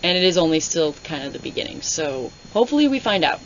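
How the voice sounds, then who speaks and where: A young woman talks through a book at home in a low voice, wry and animated, and drops into mocking voices for the characters. The sound is dull and lo-fi, with a faint hiss behind her. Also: quick pace. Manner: sarcastic, animated reactions with mocking put-on voices. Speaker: book reviewer. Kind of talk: casual readalong commentary.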